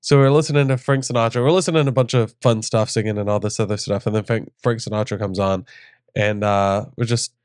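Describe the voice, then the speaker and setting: A man's voice: fairly low pitch, steady tone, fast, a little mellow, smooth, dry recording, studio quality. A young man co-hosting a casual chat, a joking storyteller who acts out voices. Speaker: co-host.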